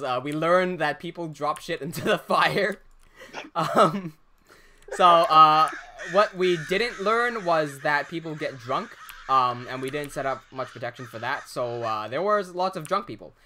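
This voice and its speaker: A young man hosting a livestream, casually telling an animated story, laughing often and swearing freely. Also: a little high, measured pace, a little hiss or hum. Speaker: livestream host.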